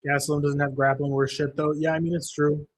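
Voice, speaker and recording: A man's voice: a little high, flat delivery, quick pace. A young man hosting a live fight-watching stream, ranting with heavy swearing about a lost bet and reading viewer comments aloud. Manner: profane, frustrated ranting; reads chat comments aloud. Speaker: livestream host.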